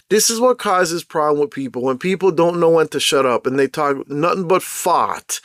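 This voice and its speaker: A man ranting casually in an exasperated, repetitive, animated way as a podcast host. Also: on the high side, smooth, dry recording, studio quality.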